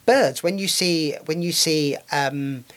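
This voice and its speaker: A man's voice: a little high, slow pace, fairly bright tone. A man co-hosting a casual radio chat, talking with many ums and restarts. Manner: hesitant, many fillers and restarts. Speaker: radio co-host.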